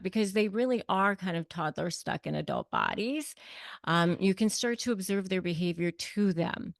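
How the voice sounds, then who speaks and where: Woman guest expert, low gravelly voice, blunt coaching delivery, dry close sound. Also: fairly bright tone, no echo. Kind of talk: conversational advice.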